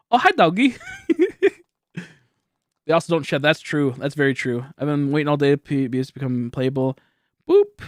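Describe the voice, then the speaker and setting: A man in his late twenties livestreaming from home into a studio mic, chatting loosely and laughing, a little high and slow on the draw. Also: dry recording. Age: late 20s. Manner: rambling, laughing, loose and slowed. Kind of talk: casual livestream chat reading donations. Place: home streaming setup. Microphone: high-end studio microphone.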